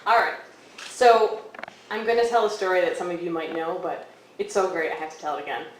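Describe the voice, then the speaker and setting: A young woman telling a story on stage at a café, casual and lively, acting out quoted lines with hushed asides. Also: on the low side, brisk, slight background noise. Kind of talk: live storytelling. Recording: echoey live room from far off.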